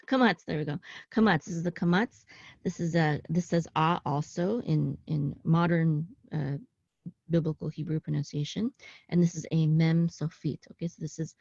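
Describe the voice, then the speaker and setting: A woman's voice: deep voice, creaky, a little mellow, no echo. A woman teaching a casual online Hebrew class, explaining the text step by step with frequent ums, self-corrections and "okay?" check-ins. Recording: dull lo-fi sound, dry close room.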